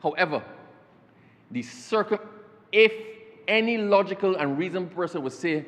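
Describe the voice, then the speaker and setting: A man's voice: sits high, moderate pace, fairly bright tone. Man speaking in a reverberant chamber. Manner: formal, keeps addressing the chair as sir. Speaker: government minister. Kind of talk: parliamentary speech. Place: parliament chamber. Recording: long reverb of a debating chamber.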